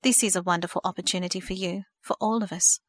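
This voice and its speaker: Woman reading a gentle, thoughtful teen girl, audiobook, dry. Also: lowish voice, steady tone, fast, no echo, close to an everyday voice. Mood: reassuring. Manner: gentle, hesitant.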